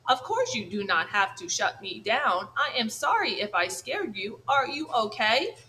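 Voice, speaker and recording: A woman playing a gentle robot mother in a storybook, formal and unhurried. Her speech is calm and polite, with a clear, bright tone. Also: on the high side, slight background noise, full character voice, rough recording. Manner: formal, calm, even, no contractions.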